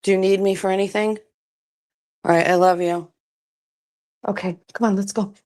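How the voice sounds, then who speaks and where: A woman talking casually in a morning vlog, softly coaxing her pets along. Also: mid-range voice, little pitch movement, moderate pace, dry recording. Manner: soft, coaxing talk to pets. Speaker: vlogger.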